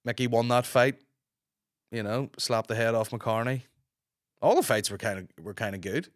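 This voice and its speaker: A Northern Irish man in his thirties, a podcast host with a hoarse, gruff voice, telling rambling stories in casual chat, swearing freely. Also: medium pitch, normal speed, no echo, studio quality. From Northern Ireland. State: hoarse from a sore throat.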